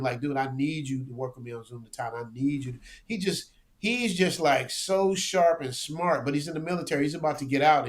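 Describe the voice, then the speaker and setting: A man talking as a guest in a casual interview, animated and slangy, often repeating words as he goes. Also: fairly high pitch. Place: lives abroad, remote interview.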